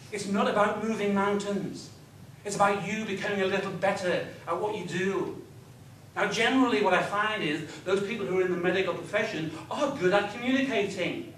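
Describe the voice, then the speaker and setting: A man's voice: high voice, fairly bright tone, a little hiss or hum. A man with a northeast English accent giving a humorous business talk to a live audience, telling stories and quizzing the crowd. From northeast England. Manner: joking, storytelling, quizzes the crowd. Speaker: motivational business speaker. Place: large hall with a live audience. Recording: roomy hall recording from a distance.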